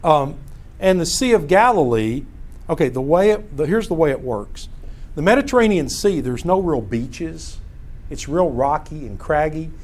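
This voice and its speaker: A man teaching a Bible class, with a slightly high voice. He tells stories in a lively, animated way, often stopping mid-phrase to start again while he talks through his slides. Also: normal speed. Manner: storytelling, animated, self-interrupting. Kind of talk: casual Bible lesson with slides.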